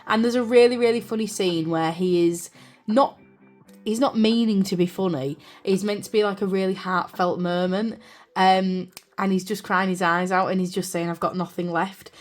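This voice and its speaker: A chatty British woman, a journaling vlogger from the United Kingdom, rambles through a casual chat in her craft room, with frequent fillers and apologies. Her mid-range voice has fairly even intonation and a moderate pace. Soft music plays in the background, and she's recorded on a camera on a desk stand.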